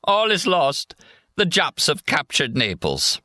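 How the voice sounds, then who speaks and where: A man narrating an audiobook voices a drunken, indignant young soldier who shouts and rants. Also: fairly high pitch, wildly swooping pitch, slow pace, dry recording, clean studio sound, voice pushed up, full character voice. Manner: shouting, slurred, raucous.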